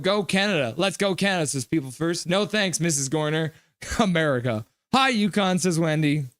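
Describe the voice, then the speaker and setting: A man streaming a live reaction, calling plays and reading chat aloud with excitable, jokey trash talk. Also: fairly high pitch, no room sound.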